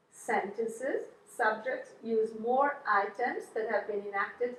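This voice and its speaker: Echoey, distant woman lecturing, conversational. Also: on the high side. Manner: conversational and explanatory, with many fillers and restarts. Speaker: researcher giving a seminar lecture. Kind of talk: academic lecture. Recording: echoey room, voice from far off.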